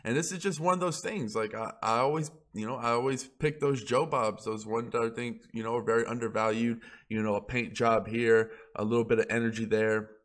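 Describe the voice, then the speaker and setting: A man's voice: medium pitch, steady tone, brisk, few pauses, a bit bright. A man blogging about crypto in a casual ranting monologue, heated and profane, rambling as he goes.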